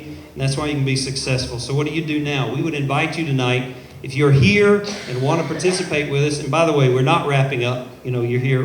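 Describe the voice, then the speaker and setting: A man giving a live sales pitch to an audience, upbeat and persuasive, talking straight to the crowd at an event in a showroom. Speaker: company presenter. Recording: echoey room, faint background noise.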